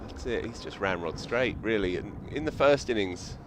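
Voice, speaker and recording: A man's voice: fairly low pitch, lively intonation, normal speed, background noise. A man commentating on cricket, telling reflective anecdotes.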